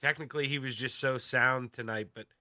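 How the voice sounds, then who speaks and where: A man working as color commentator, chatting loudly and emphatically about the race and interviewing drivers. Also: medium pitch, steady tone, fairly quick, no echo.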